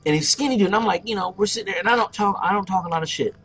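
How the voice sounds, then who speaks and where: A young man narrating his online game play, telling a loud, profane story about a fight. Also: high-pitched, very fast, husky. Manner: brash, profane, boastful storyteller. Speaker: gameplay commentator. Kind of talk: casual let's play storytelling.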